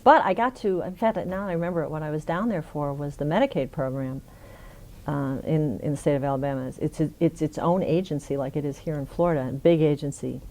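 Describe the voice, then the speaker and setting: A woman's voice: sits low, fairly quick, warm tone. A middle-aged woman in an oral history interview, telling a funny story with frequent laughs. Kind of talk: conversational storytelling.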